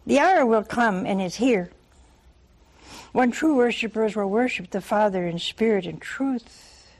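Speaking at a medium pitch, an older woman delivers a sermon that recounts a Bible story, using lively rhetorical questions and performing the dialogue.

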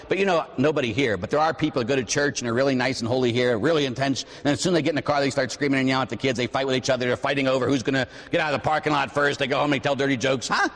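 A man's voice: mid-range voice, long reverb tail. A man in his forties from Pittsburgh, a Catholic priest giving a conversational sermon, telling stories and tossing in "huh?" asides. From Pittsburgh, USA. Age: 40s. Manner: conversational, storytelling, frequent "huh?" asides, acts out quoted voices. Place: church.

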